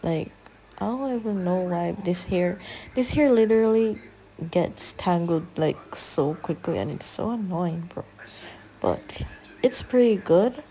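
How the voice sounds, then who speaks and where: A young woman chatting casually in a soft, often half-whispered drawl as she narrates a hair-braiding tutorial. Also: fairly low pitch, animated, unhurried, slight background noise. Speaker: hair vlogger.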